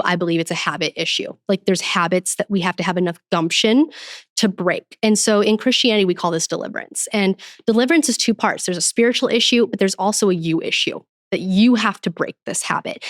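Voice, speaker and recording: A woman's voice: medium pitch, a little fast, no echo. Earnest woman podcast guest, dry mic. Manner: earnest, faith-driven, animated when quoting herself. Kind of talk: casual podcast conversation.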